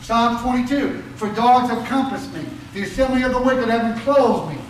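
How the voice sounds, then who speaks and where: A high-pitched man preaching a sermon, his voice heard from a distance in a very echoey hall. He fires questions at the congregation and answers them himself with emphatic rises and drops. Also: moderate pace, a little hiss or hum.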